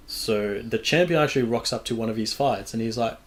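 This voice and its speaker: Young aussie guy on a podcast, lowish voice, rambly and sweary, just chatting. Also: moderate pace. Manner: loose, rambling, swears freely. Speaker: podcast host. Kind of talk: casual chat.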